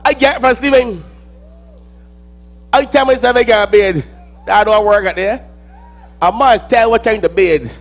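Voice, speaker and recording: A man with a Barbadian accent performing a dramatic spoken-word monologue, theatrical and swinging between loud outbursts and low mutters.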